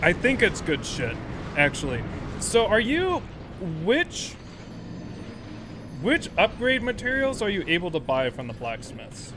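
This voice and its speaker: A young man commentates his game live on stream, laughing easily and swearing as he answers his chat. His voice is a bit higher than most men's and swings widely in pitch. A clear layer of noise sits behind him. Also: a little slow. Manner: animated, laughs often, swears, talks back to chat.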